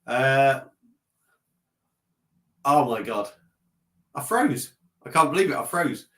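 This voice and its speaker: A man with a slightly blocked nose rambles through a relaxed live stream from his desk at home. He laughs at himself, trails off and restarts often, and talks into a laptop mic. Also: medium pitch, slow, long pauses. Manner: rambling, self-mocking, chatty, reading out comments. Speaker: beer vlogger live-streaming. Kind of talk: casual live-stream chat.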